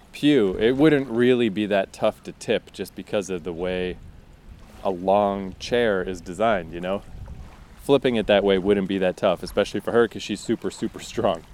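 A man's voice: fairly low pitch, normal speed, darkish tone. A man, a fiction writer, talks casually about his writing, thinking aloud and acting out his characters' lines.

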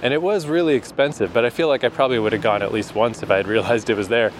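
A man's voice: medium pitch, racing. A man from New Brunswick, Canada, chatting in a rambling casual travel vlog, laughing often as he talks. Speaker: travel vlogger. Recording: street traffic noise behind.

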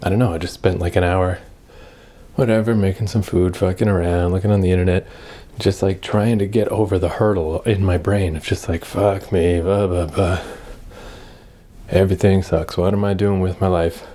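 A young man talks to his camera in a loose, rambling way, thinking aloud and swearing freely. His voice sits low and has a husky, slightly rough grain. The tone is dark and mellow. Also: fairly even intonation, a little fast. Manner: rambling, self-reflective, swears often. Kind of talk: casual personal vlog monologue.

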